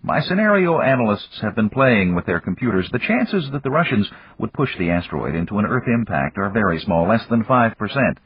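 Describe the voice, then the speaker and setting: A man's voice: fairly low pitch, big pitch swings, brisk, few pauses, husky, dry recording. A man voicing a composed, insistent woman president in an audiobook, raising his voice into a lighter register. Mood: firm. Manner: firm, insistent, lecturing. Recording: dull lo-fi audiobook recording.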